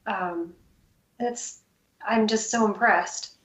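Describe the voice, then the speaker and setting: A woman's voice: medium pitch, takes it slowly. A woman playing a character in a tabletop game, chatty and full of hedging fillers. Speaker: player. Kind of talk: tabletop role-play. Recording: roomy echo.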